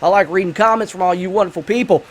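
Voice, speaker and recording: A man hosting a gaming channel, talking casually over his gameplay in a high, bright voice. He rambles with enthusiasm and fills the gaps with plenty of ums and you-knows. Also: fast talker. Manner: rambling and enthusiastic, full of fillers. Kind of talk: casual let's-play commentary with movie review.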